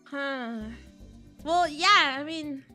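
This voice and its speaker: A woman's voice: sits high, drawn-out words, pushed and bright, faint music behind. A young woman streaming a game, joking dramatically and reading its text aloud in a casual chat.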